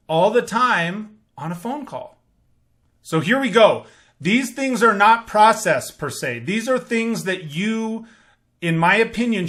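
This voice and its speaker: A man hosting a sales training podcast, coaching listeners in an energetic, demonstrative way. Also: sits high. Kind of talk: instructional podcast monologue.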